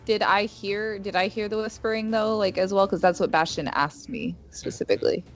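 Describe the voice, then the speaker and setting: A woman playing a tabletop game, asking questions in a lively way. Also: medium pitch, normal speed, faint music behind. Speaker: player. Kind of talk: casual tabletop game play. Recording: dull lo-fi sound.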